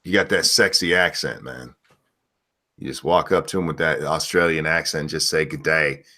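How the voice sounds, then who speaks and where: A man's voice: extremely low pitch, moderate pace. A man hosting a casual chat show, rambling through crude jokes and reading out donations. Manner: loose rambling crude humor, animated. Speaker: show host.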